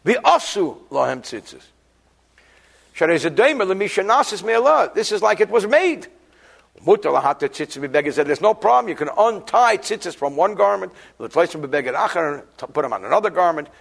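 A man's voice: sits high, sing-song, brisk, gravelly, a bit bright, breathy edge. A man, a rabbi, giving a chatty daily lesson on Jewish law, cracking jokes and explaining Hebrew passages. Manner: joking, chatty, mixing Hebrew terms into explanations.

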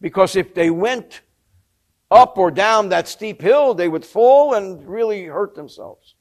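A man's voice: high-pitched, expressive, measured pace, a little mellow. A man teaching a religious text, telling a story with expression and explaining Hebrew terms in English. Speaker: Torah teacher. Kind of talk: textual study lesson with storytelling.

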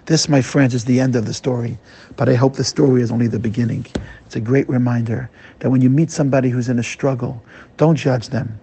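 A man's voice: medium pitch, fairly even intonation, brisk, gravelly, mellow, a little hiss or hum. A man, a rabbi, tells a dramatic moral story and addresses his listeners directly. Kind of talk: storytelling to an audience.

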